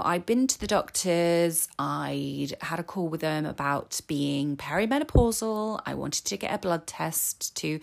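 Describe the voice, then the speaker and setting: Podcast host, woman in her 40s, slightly low voice, candid confessional chat. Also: creaky. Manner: chatty, candid, openly emotional. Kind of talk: casual solo podcast talk.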